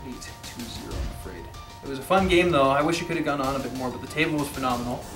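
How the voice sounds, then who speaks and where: A man's voice: mid-range voice, fast talker, roomy sound, music in the background. A man and wargame player tallying up the score after a tabletop game, hesitant and friendly, counting aloud. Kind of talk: casual post-game chat.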